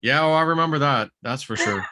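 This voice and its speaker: A man's voice: fairly high pitch, fairly quick, sharp tone. A middle-aged man in casual chat, hosting and telling stories, often acting out what he said before. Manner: chatty storyteller, acts out his own past words. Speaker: host.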